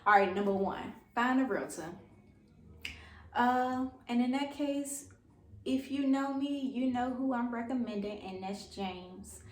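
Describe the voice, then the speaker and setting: A woman's voice: a little high, unhurried. A woman vlogging about buying a first home, giving informal, chatty advice in a self-deprecating way. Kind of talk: casual advice vlog. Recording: echoey room, mic at a distance.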